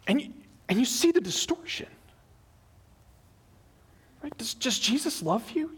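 A man's voice: very high voice, unhurried, husky. A man preaching a sermon in church as pastor, acting out the people he quotes as he tells the story. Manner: animated, acts out quoted people in his retelling.

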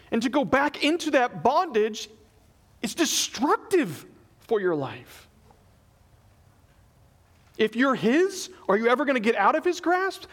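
A man preaching a sermon in church as pastor, acting out the people he quotes as he tells the story. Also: very high-pitched. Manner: animated, acts out quoted people in his retelling.

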